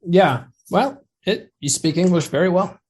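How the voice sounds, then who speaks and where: A man's voice: sits high, measured pace, darkish tone, slightly rough. A man hosting a podcast interview, chatting in an easygoing way and laughing often. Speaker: podcast host. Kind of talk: casual interview chat.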